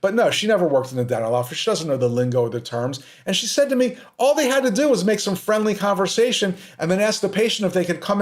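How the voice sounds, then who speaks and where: Male podcast host, a touch high-pitched, casual, sarcastic, exasperated.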